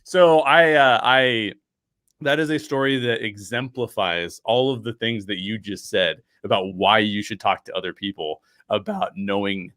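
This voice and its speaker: Guesting on an interview podcast, a lower-voiced man tells a personal story at a measured pace, performing the quoted dialogue of others with animation. Fillers, restarts and frequent laughter fill his telling, captured in a dry, studio-quality recording.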